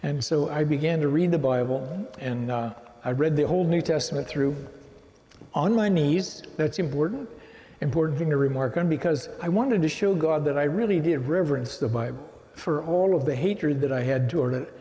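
A man's voice: a little high, moderate pace, dark tone. An older man giving a rambling church testimony, telling his life story with many restarts. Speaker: guest speaker giving testimony. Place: church sanctuary. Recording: reverberant hall.

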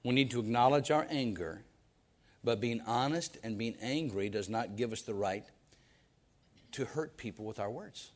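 A pastor with a medium-pitched voice preaches a sermon at a moderate pace. He presses his points emphatically, firing off rhetorical questions and stumbling into stammered restarts over repeated words.

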